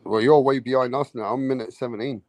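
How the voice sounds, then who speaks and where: A man with a London Cockney accent, hosting a boxing watch-along with brash banter and quick fight commentary. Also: mid-range voice, fairly even intonation, no room sound. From England. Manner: brash, banter-heavy, swears freely. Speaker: host running a live boxing watch-along. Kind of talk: casual group chat and live fight commentary.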